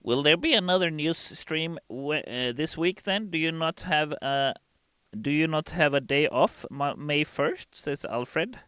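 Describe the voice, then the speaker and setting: A man's voice: fairly high pitch, unhurried, sharp tone, clear, resonant tone, no echo. A man hosting a game livestream, casually reading chat messages aloud and answering them from a studio. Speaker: game stream host.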